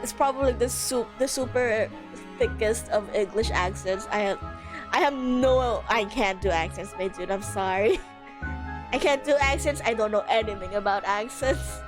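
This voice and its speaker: A woman's voice: medium pitch, normal speed, music in the background. A woman streamer who reads a game aloud and comments on it in a casual, blunt way, swearing now and then. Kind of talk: live game read-along with commentary.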